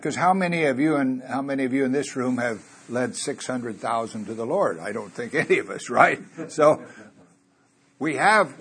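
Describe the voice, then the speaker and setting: A man's voice: medium pitch, a bit bright, husky. A man preaching a conversational sermon in a church, asking his listeners rhetorical questions and chuckling now and then.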